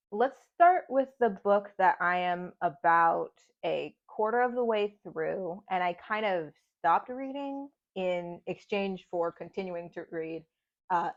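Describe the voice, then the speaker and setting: A young woman chatting casually to camera about books she has read, self-deprecating and laughing often, with a slightly scratchy throat. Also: mid-range voice. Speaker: book vlogger. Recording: dull lo-fi sound.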